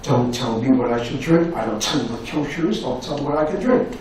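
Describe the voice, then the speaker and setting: A man's voice: medium pitch, brisk, darkish tone, distant mic, slight background noise, close to an everyday voice. An older man quoting a stubborn older Methodist bishop in a blunt, insistent way. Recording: echoey room recorded from afar.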